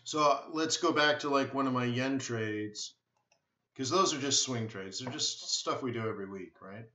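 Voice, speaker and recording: A man's voice: medium pitch, moderate pace, bright, forceful tone. A man hosting a live trading stream, answering viewers bluntly and often repeating himself. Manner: blunt, repeats words, emphatic. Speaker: forex trading webinar host. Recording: echoey room, dull lo-fi sound.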